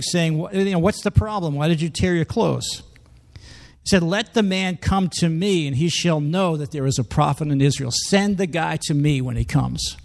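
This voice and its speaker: Man, high voice, sermon, emphatic, conversational, plays out quotes. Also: creaky. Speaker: preacher. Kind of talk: sermon, reading scripture aloud.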